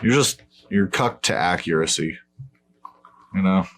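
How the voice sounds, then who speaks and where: A man with a fairly low voice co-hosts a casual podcast. He talks bluntly and swears freely, waving away claims he finds foolish. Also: a little slow, slight background noise. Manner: blunt, profane, dismissive. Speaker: podcast co-host.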